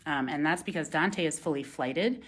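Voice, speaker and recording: A woman who teaches at a wildlife center, showing a bird's feeding on a live stream. She coos at the birds in a sing-song voice, explains calmly, and thanks viewers by reading out their comments. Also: sits low, normal speed, slightly rough. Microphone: phone camera.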